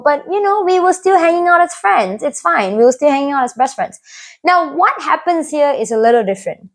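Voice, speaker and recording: A young woman with a high voice recounts a personal story straight to camera. She sounds earnest and confiding, and keeps checking in with the listener by asking "right?". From Malaysia. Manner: earnest and confiding, often tags lines with "right?". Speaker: vlogger.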